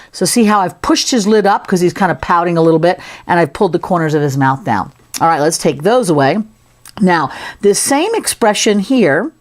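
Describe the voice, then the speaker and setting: A woman giving a casual, playful sculpting tutorial, chatting as she works. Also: lowish voice. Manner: chatty, playful, talks while working. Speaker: sculpting instructor.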